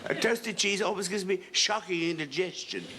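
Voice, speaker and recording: An actor playing a gentle, timid elderly man who speaks politely and hesitantly, in a 1970s sitcom. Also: high-pitched, normal speed, heavy background noise, close to an everyday voice. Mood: meek. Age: older. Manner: hesitant, polite, soft-spoken.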